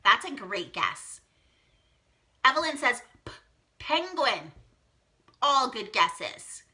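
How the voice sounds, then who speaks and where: A woman's voice: fairly high pitch, takes it slowly. A young woman hosting a live phonics lesson for small children, cheerfully reading out their guesses and praising each one. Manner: bubbly, encouraging, reads out children's guesses with excited gasps.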